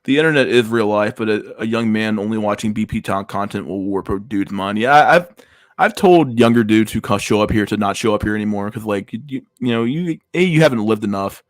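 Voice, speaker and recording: A man's voice: fairly low pitch, fairly quick, dry recording. A man hosting a casual livestream, reacting to memes with crude slang-heavy banter. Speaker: livestream host.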